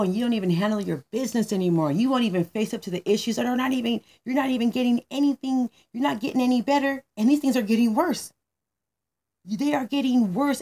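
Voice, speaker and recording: A woman voicing a blunt, angry male money manager who scolds and lectures with raised, pitched-up intensity. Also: creaky, a little mellow.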